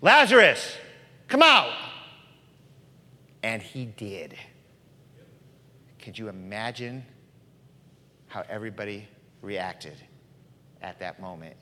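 Dramatic preacher in a reverberant hall. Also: male voice, fairly low pitch, fairly even intonation, slow pace, long pauses. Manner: dramatic, swings from loud to hushed. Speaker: pastor. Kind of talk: sermon. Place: church.

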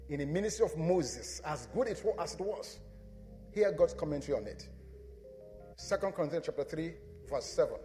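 A pastor preaching a sermon in a church. He speaks emphatically and keeps putting questions to the congregation, then answers them himself. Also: high-pitched. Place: church sanctuary. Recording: reverberant church hall with soft instrumental music.

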